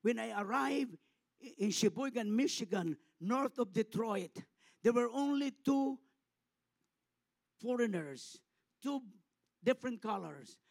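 A middle-aged Filipino man preaches with passion, rising to loud, fervent peaks and sinking to hushed tenderness. His voice sits high and carries a gravelly edge. It sounds close and dry, with no room around it. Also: lively intonation, a little slow, pauses often, dry recording. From Philippines. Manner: impassioned preaching, swelling loud then dropping soft. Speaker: pastor. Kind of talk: sermon.

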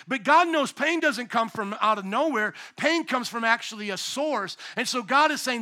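Animated high-voiced male preacher. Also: normal speed, few pauses. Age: young adult to middle-aged, a parent of young children. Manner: animated preaching, swinging between loud emphatic bursts and quiet low asides. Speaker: pastor. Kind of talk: sermon.

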